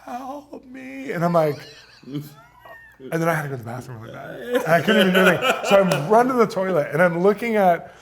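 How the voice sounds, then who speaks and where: A minister telling a story in an animated way, getting excited and laughing often as he acts out the voices. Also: high-pitched, racing, a crowd in the background.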